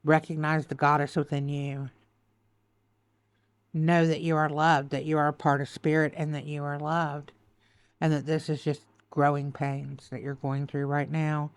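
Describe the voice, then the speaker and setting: A woman's voice: deep voice, flat delivery, measured pace, no room sound. A woman giving a tarot reading, choked up and tearful, repeating soothing affirmations. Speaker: tarot reader.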